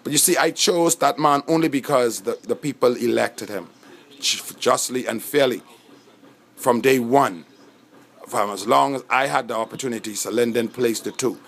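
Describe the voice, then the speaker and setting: A man's voice: mid-range voice, moderate pace, creaky, a bit bright. A man with a Bahamian accent giving an impassioned, rambling monologue, full of indignation and frequent restarts. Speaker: self-recorded speaker.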